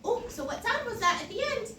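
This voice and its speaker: High, lively woman teaching phonics. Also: a little fast. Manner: animated, sing-song prompting and praise. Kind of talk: phonics lesson for a young class. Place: classroom. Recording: echoey classroom, mic far off, noisy.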